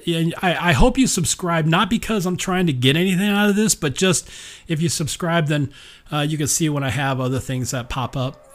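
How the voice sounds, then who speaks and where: A man hosting his own podcast in a casual, rambling solo monologue, chatting along and laughing at himself. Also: a little high. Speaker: podcast host.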